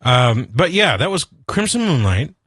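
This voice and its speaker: A man's voice: a little high, very animated, a little slow, a bit bright, no room sound. A male radio host, talking casually and bluntly on his own show, rambling, swearing and laughing at himself. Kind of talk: casual solo radio rant and chat.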